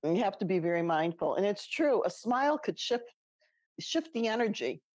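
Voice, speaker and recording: A woman's voice: medium pitch, big pitch swings, normal speed, a little mellow, no room sound. A middle-aged woman co-hosting a podcast, telling a personal story in a casual, chatty way and laughing often. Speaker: podcast co-host.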